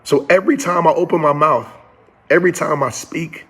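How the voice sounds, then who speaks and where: He speaks a little fast in a slightly rough, somewhat bright voice that sits a little high. This motivational speaker addresses "y'all" in an earnest, preaching cadence full of repetition, and his emotions are rising.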